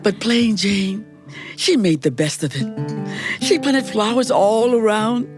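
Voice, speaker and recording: In a live studio performance, a woman storyteller with a medium-pitched voice tells a fairy tale slowly, playful and dramatic, speaking straight to her audience. Music plays under her animated storytelling.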